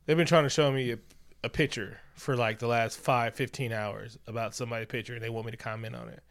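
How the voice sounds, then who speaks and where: A young man co-hosting a casual chat, animated and jokey, acting out characters as he recaps a movie. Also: fast. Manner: animated, jokey, acts out characters with big pitch jumps. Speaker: podcast co-host recapping a movie.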